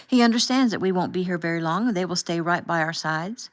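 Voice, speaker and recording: A woman voicing a calm, firm husband and father who asks measured, pointed questions as he confronts a chaperone in an audiobook. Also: high voice, close to an everyday voice, low-quality recording. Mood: firm rebuke.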